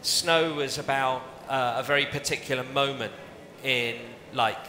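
A man's voice: mid-range voice, fairly even intonation, pushed and bright, slight background noise. Hesitant British man in an echoing hall. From United Kingdom. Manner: hesitant, halting with restarts. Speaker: bartender giving a masterclass. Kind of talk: casual live onstage chat. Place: large event hall. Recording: roomy hall reverb, faint crowd.

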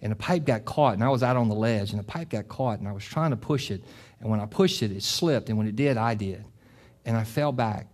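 A middle-aged man preaching a sermon as pastor. He talks with passion, often repeats and restarts phrases, and climbs to loud, emphatic peaks. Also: fairly low pitch, a little fast. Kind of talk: sermon with closing prayer.

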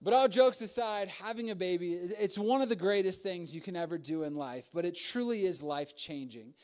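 A man's voice: sits high, brisk, darkish tone. A young man preaching to young adults, telling funny stories about fatherhood with lots of laughter and asides. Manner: humorous storytelling with frequent laughs and asides. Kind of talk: sermon.

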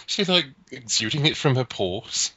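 A man joining a comedic fan fiction reading as guest, throwing in incredulous, joking remarks and laughing loudly. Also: mid-range voice, moderate pace, slightly rough, no echo, muffled recording. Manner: animated, incredulous quips with big laughs. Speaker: guest co-reader. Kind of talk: comedic commentary.

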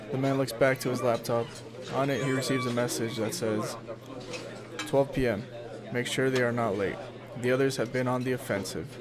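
Brief: young game master for a home podcast, mid-range voice, loose and profane. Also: male voice, mid-range voice. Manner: profane, laughing banter between scene narration. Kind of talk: casual tabletop game narration.

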